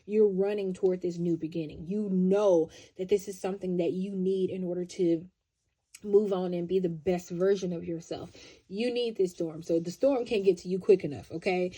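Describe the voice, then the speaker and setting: A woman giving a pick-a-card tarot love reading, chatty and expressive, often checking in with "right?". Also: on the low side, moderate pace.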